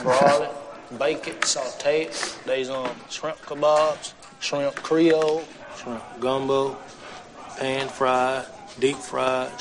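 An actor playing an earnest, slow-spoken young man who lists things in a flat, steady way. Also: mid-range voice, noisy background. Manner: slow, flat listing delivery. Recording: film clip with ambience behind.

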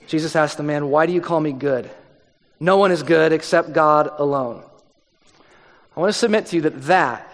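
A man preaching a sermon in a conversational way, dropping his voice low for emphasis. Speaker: pastor. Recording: long hall reverb.

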